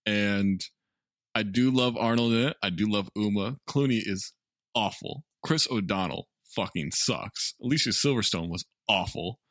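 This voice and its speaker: A man's voice: lowish voice, normal speed, a bit bright, dry recording, studio quality. A man co-hosting a movie podcast, joking and swearing casually as he reads out calls to listeners. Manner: joking, profane, wry. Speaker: podcast co-host. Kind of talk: casual movie review chat.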